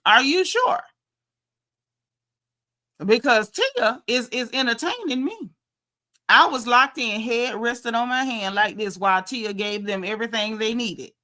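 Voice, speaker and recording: A woman talks through a reality show recap in a gossipy, animated way. Her voice is bright and sits a little high. She keeps slipping into lively quoted asides. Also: normal speed. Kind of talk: casual recap chat.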